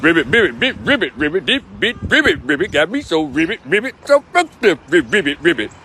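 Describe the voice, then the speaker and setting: A man voicing a male frog father in court who answers in ribbits and croaks. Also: on the high side, sing-song, a little fast, bright, forceful tone, a little hiss or hum. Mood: evasive.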